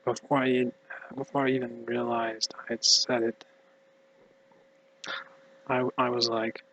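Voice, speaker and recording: An exhausted man talks in a mumbly, halting ramble that keeps slipping into near-whispers. His voice has a bright edge but almost no rise and fall. A faint hum sits under it. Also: medium pitch, level tone, low-quality recording. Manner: halting, hushed, drifting into whispers. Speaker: vlogger. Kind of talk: rambling personal monologue.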